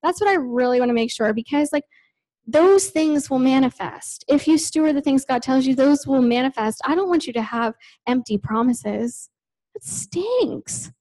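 High-voiced chatty woman preaching. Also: expressive, moderate pace, warm tone, rough recording. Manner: chatty, lots of "like" and "you know". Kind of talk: conversational sermon. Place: church.

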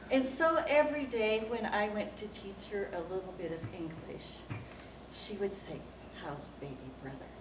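A woman giving a speech at a speaking club, telling a childhood story in an animated way and acting out the quoted voices. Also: medium pitch, a little slow, long pauses. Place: meeting room of a speaking club. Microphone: distant recorder. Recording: roomy, distant room recording with background hum.

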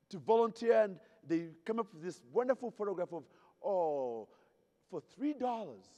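The speaker, a man from Zaire, has a mellow voice that sits high. Delivering a humorous keynote full of stories at a hotel-ballroom convention, he playfully puts questions to the crowd, and the hall echoes around him.

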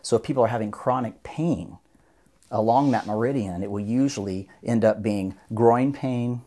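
A man's voice: lowish voice, moderate pace, dark tone. A man, a doctor of Oriental medicine, explaining his practice earnestly as a guest in a podcast interview. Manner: earnest, explanatory, acts out patients' voices.

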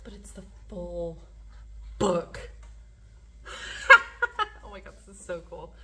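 A woman's voice: on the low side, fairly even intonation, moderate pace, a little mellow. A woman chatting casually while unboxing, gushing with breathless exclamations and laughter. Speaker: vlogger. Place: living in a garage.

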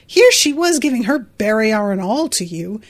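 A woman reading aloud as a sharp, blunt adult woman who scolds in measured lines. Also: on the high side, big pitch swings. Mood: scolding.

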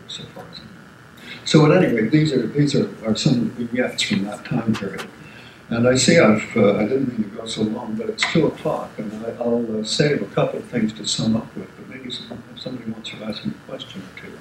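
An older man giving an informal lecture, telling wartime stories in a rambling way with restarts and asides. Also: lowish voice. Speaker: guest lecturer. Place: lecture room. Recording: echoey hall, background noise.

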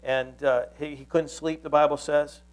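A pastor with a fairly high voice delivers a sermon. He tells the story earnestly and keeps restarting his phrases as he goes. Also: little pitch movement, moderate pace, poor audio.

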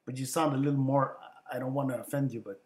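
A man's voice: mid-range voice, steady tone, fast talker, roomy sound. A man with Spanish as his first language, joking and laughing often with strangers on a video chat. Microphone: video call.

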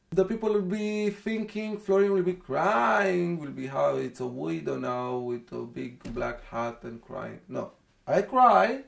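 A young man from Romania with a Romanian accent, speaking in broken English, soft and halting, as he tells a personal account in an interview. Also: on the high side, animated, gravelly. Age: young adult.

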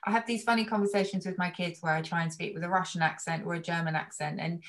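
A woman's voice: fairly low pitch, fairly even intonation, quick pace. A middle-aged woman speaking as a guest in a casual chat, thoughtful and explanatory. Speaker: guest language expert.

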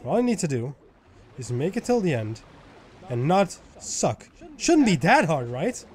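A man giving let's play commentary who swears a lot and swings from loud frustrated yelling to low muttering. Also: big pitch swings, measured pace. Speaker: gaming YouTuber.

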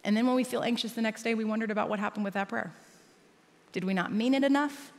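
A woman pastor preaching a sermon, swinging between loud emphatic lines and hushed asides. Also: on the high side, fast talker. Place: large church auditorium. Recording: long reverb of a large church hall.

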